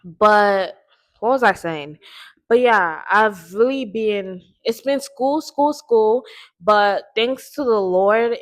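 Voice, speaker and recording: Teenage girl with a slight lisp. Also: medium pitch. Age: teens. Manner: chatty, earnest, often repeats herself and says like. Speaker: podcast host. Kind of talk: casual faith vlog talk.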